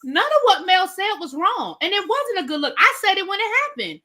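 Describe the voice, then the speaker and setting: A woman hosting a casual reality TV recap, opinionated and animated, acting out what people said. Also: extremely high pitch, brisk. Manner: animated, opinionated, acts out quotes. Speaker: recap show host.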